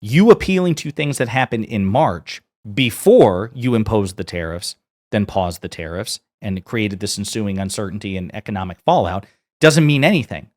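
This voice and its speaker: A man's voice: on the low side, animated, moderate pace, darkish tone. Brief: man delivering scornful, emphatic political commentary.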